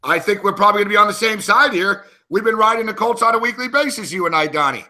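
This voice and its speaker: A man's voice: sits high, fast talker, pushed and bright. A man co-hosting a sports betting show, talking casually and ranting with lots of swearing. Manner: profane, ranting, worked up. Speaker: co-host and sports handicapper.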